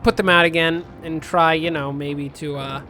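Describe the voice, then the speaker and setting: A man giving rambling, jokey commentary over a city-building game, with sudden shouted outbursts. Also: a little high, fairly even intonation, normal speed, faint music behind. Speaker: let's play host.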